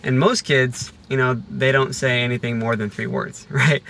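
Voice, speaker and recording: Bright-voiced man rambling casually. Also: medium pitch, little pitch movement, normal speed, vocal fry, clean tone. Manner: rambling, many fillers and restarts. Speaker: vlogger. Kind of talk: casual vlog talk. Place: car on a rainy day.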